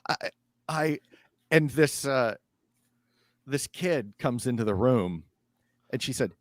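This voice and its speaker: Male game master, slow and very animated, laughing narration, dry close mic. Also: mid-range voice, no echo. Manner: laughing, animated narration with sudden shouted character cries.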